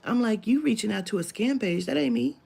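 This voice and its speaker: A woman's voice: on the high side, animated, a little fast, gravelly, dark tone, breathy edge. A woman telling a long story in casual talk, acting out the quoted dialogue, swearing freely and dropping into whispers. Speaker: spiritual reader telling a client story.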